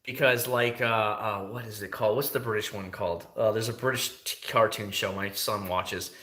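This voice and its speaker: A man hosting a casual livestream, talking freely and answering viewers' questions in an animated way, outdoors by his van. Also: on the low side, moderate pace, echoey room. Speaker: livestream host.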